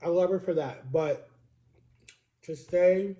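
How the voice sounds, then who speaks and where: A man's voice: sits high, takes it slowly, dark tone. A man in his thirties talking casually to the camera in a personal vlog, rambling and confessional with lots of filler words. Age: 30s. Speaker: vlogger.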